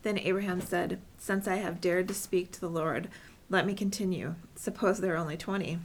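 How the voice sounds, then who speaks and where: A woman reading a scripture passage aloud at a steady, measured pace. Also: lowish voice. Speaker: scripture reader.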